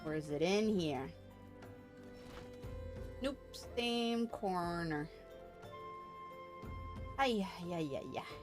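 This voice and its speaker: A woman's voice: lowish voice, lively intonation, very slow, long pauses, over music. A woman streamer chatting casually over her gameplay, playful and giggly, making jokey asides to herself.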